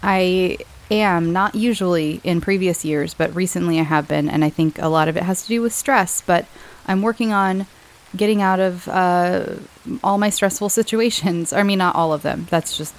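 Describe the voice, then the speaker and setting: Podcast host, woman, lowish voice, slightly hoarse from a cold, rambling and chatty with easy laughs. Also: moderate pace, low-quality recording. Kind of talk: casual chat to listeners.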